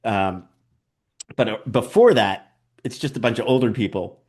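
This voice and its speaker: A man's voice: on the low side, moderate pace. A man, a documentary director, being interviewed and telling stories animatedly, full of "like" and "you know". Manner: animated storyteller, acts out quotes; frequent "like" and "you know" fillers. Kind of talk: interview conversation.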